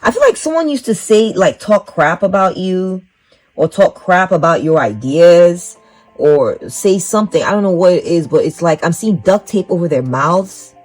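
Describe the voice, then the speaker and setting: A woman's voice: on the low side, expressive, normal speed, darkish tone, rough recording. A woman giving a psychic tarot reading to the viewer. She rambles, repeats herself and keeps encouraging the viewer. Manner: rambling, repetitive, encouraging, talks straight to the viewer. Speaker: tarot reader. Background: faint music.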